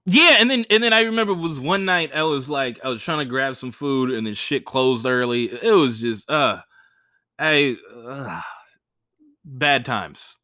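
Animated, bright-voiced male comedian storyteller. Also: unhurried, no echo, studio quality. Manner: animated, swears freely, acts out quoted voices with big pitch jumps. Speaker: stand-up comedian telling gig stories. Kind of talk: casual podcast storytelling.

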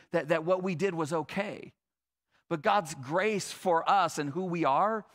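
A man preaching with a somewhat higher voice, animated and chatty rather than formal. He moves between lively storytelling and quiet, earnest points, dropping in casual asides. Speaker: pastor. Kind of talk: sermon.

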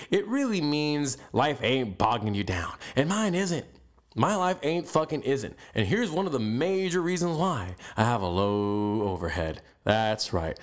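A man's voice: medium pitch, big pitch swings, moderate pace. A young man hosting a podcast, ranting bluntly and profanely in a motivational monologue. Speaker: podcast host. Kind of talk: motivational rant.

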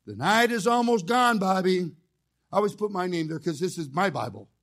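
A man preaching a fiery sermon as a chaplain, telling folksy stories with jokes and rising into shouted call-and-response. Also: high-pitched, lively intonation, normal speed. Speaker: chaplain preaching as guest speaker.

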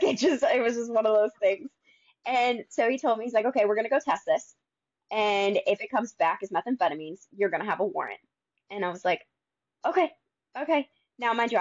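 Young adult woman, casual storyteller, animated, dry close sound, slightly muffled. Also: medium pitch, no echo. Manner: animated, acts out quoted dialogue. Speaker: guest telling her recovery story.

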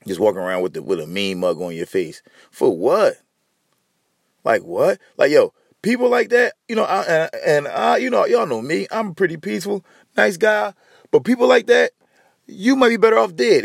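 A man with a higher-pitched voice and a gravelly edge, swinging wide in pitch as he rants bluntly with plenty of profanity. He hosts a solo podcast and talks directly to his audience. The recording sounds close and dry. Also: no room sound. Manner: profane, blunt ranting, talks straight to listeners. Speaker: podcast host.

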